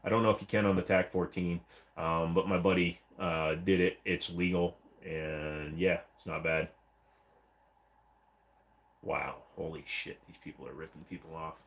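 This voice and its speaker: A man's voice: low-pitched, normal speed. A man hosting a casual livestream, chatting bluntly and profanely while reading viewer comments aloud. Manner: blunt, profane and rambling, mock-voices chat messages. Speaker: livestream host.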